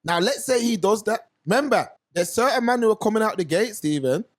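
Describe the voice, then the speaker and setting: A man's voice: sits high, brisk. Slangy London man telling stories. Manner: animated, slangy storytelling. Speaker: podcast host. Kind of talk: casual commentary chat.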